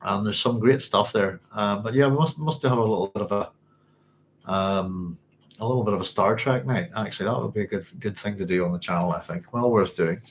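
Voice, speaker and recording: A man's voice: lowish voice, moderate pace, slight background noise. A man hosting a casual live stream chat, reading out viewer comments and rambling as he searches for words, with frequent chuckles.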